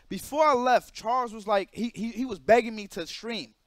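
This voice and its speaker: A male streamer telling an animated story to his chat, emphatic and repetitive. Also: extremely high pitch, normal speed, no echo. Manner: emphatic, repeats phrases, drops into quoted voices of others.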